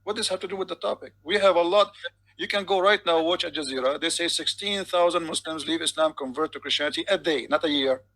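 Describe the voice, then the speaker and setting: Insistent male debater with a bright, husky, gravelly voice who lectures and keeps cutting in. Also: a little high, quick pace, poor audio. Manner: insistent, repeats "my friend". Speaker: debate host. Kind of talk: heated online debate.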